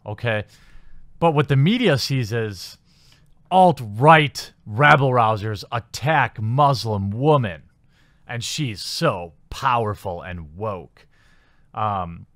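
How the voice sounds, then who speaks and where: Guy ranting over news clippings, sarcastic, mid pitch, dry close mic sound. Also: a bit bright, clear, resonant tone, no room sound. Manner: sarcastic, skeptical, frequent fillers. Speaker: commentary channel host. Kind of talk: casual commentary reading news articles.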